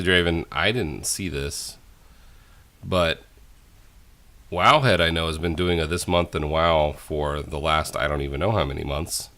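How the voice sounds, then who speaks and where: A man's voice: a bass voice, a little slow, sharp tone. A man co-hosting a gaming podcast, casually chatting and prompting the others with questions. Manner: prompts with questions and short agreements. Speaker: podcast co-host.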